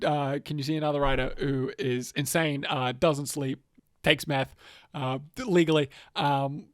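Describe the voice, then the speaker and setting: A man co-hosting a casual podcast, rambling and swearing, with loud comic outbursts. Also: a little high, steady tone, a little slow, dry recording, clean studio sound. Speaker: podcast co-host. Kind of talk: casual banter.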